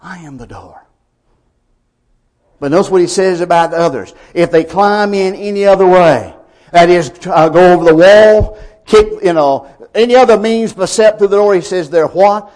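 A man's voice: sits high, normal speed. Emphatic male preacher, swelling and dropping. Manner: emphatic, with swings from quiet to loud. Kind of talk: sermon.

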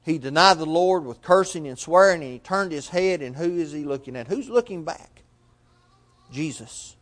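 High-voiced preacher asking rhetorical questions. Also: male voice, expressive, moderate pace. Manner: rhetorical questions, swells loud then drops soft. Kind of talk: sermon.

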